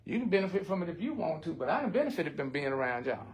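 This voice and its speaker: A man's voice: on the high side, big pitch swings, fast. An older man, speaking bluntly and with heart in a recovery support circle, often swearing. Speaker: recovery group member.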